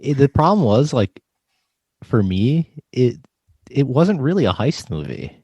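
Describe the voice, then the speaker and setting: A man's voice: medium pitch, sing-song, measured pace, darkish tone, husky, no room sound, dull audio. A young man co-hosting a casual movie podcast, blunt and laid-back. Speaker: podcast co-host. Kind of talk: casual film review chat.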